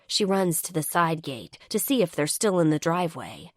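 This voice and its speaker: Lively wry woman narrating. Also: low voice, moderate pace, hardly any pauses, no echo, clean studio sound. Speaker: audiobook narrator. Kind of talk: first-person romance audiobook narration.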